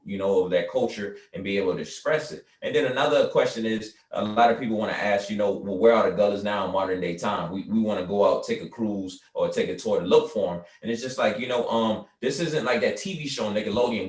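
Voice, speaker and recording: A man from the South Carolina Lowcountry, a guest in an interview, explaining his work earnestly and often saying "you know". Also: reverberant, recorded from a distance. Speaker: guest, artist and cultural foundation founder. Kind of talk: conversational interview.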